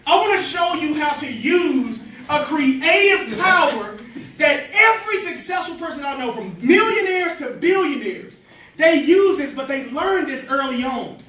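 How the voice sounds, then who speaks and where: A man, giving an energetic, preachy motivational speech with call-and-response to students in a large hall. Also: very high voice, a little slow. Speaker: motivational speaker. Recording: echoey hall from far off, chattering crowd.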